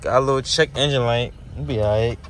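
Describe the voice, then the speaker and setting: A man's voice: mid-range voice, fast talker. Slangy young man vlogging from a car. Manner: slangy, talks straight to viewers, gets loud and excited when accelerating. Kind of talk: casual POV driving commentary. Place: inside a moving car. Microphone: camera mounted in car. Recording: faint road noise in car.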